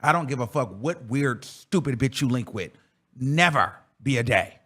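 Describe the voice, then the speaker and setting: A man's voice: medium pitch, lively intonation, normal speed, bright, forceful tone. A man hosting a reaction show, ranting in a profane, confrontational and emphatic way. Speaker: commentary host. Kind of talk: heated reaction commentary.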